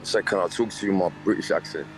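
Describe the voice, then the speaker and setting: A man's voice: low voice, steady tone, quick pace, background noise. A man, streaming a racing game and chatting in a rambling, joking way. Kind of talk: casual stream banter.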